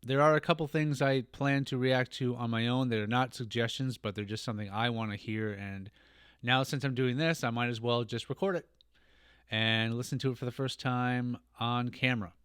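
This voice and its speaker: A man's voice: medium pitch, steady tone, moderate pace, a bit bright, clear, resonant tone, dry recording, studio quality. An American man hosting a reaction channel, chatting to camera in a rambling, self-deprecating way. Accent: General American. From United States. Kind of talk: casual chat to camera.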